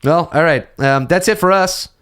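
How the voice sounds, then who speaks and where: A man's voice: a little high, normal speed, fairly bright tone, clear, resonant tone. A young man co-hosting a movie podcast in casual, joking chat, with a profane, playful manner. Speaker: podcast co-host.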